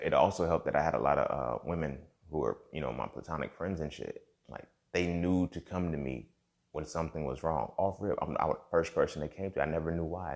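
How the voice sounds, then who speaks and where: A man's voice: a bass voice, vocal fry. A young man hosting a podcast, talking in a reflective casual monologue and often checking in with "you feel me". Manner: conversational, repeats himself, frequent "you feel me". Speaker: podcast host.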